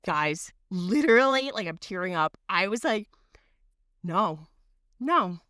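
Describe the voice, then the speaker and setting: A woman in her thirties, a podcast co-host, telling a long story in casual chat, animated and full of fillers and swearing. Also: medium pitch, moderate pace, clean tone, no room sound, studio quality. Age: 30s.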